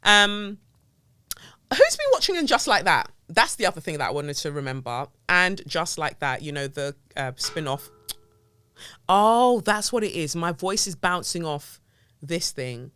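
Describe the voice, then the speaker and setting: A woman's voice: sits low, sing-song, moderate pace, a bit bright, clear, resonant tone, dry recording. A woman hosting a casual solo podcast from her home office, chatting playfully and drifting off topic as she talks into a close mic. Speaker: podcast host. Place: home office with window blinds up. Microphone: mic on a stand close to her face.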